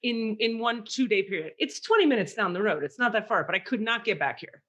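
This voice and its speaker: A woman's voice: mid-range voice, animated, a little fast, fairly bright tone. A woman co-hosting a podcast, telling a story in casual chat and acting out the voices she quotes. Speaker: podcast co-host.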